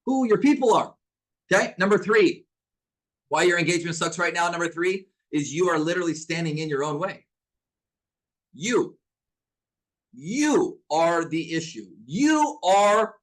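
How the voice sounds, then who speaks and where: A fired-up man with a high voice leads a live online class for sellers. He talks bluntly, repeats his points for emphasis and keeps asking the audience to answer back. He sounds middle-aged. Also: low-quality recording. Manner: energetic, preacher-like call-and-response. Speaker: business coach.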